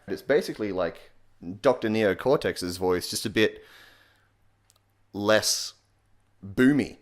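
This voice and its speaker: A man with an Australian accent giving a joking voice tutorial in a deadpan, sarcastic way, swearing casually. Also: on the low side, slow pace, long pauses. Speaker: comedy YouTuber.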